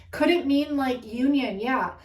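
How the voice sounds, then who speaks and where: Heated swearing woman, echoey room. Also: high voice. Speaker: spiritual reader. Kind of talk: ranting spiritual reading. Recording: echoey room, far from mic.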